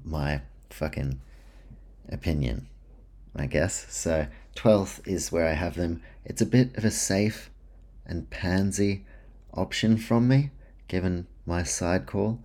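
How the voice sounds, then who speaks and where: Casting: deep-voiced male podcast host, casual and self-mocking. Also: dark tone. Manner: chatty, self-deprecating, runs through name lists. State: dry mouth. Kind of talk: casual solo sports podcast.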